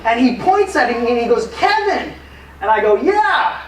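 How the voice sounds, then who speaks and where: A man, an apologetics teacher, giving a live conference talk in lively, casual storytelling style with acted quotes and fillers. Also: very high-pitched, fast. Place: museum conference room. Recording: echoey room, distant mic, faint noise.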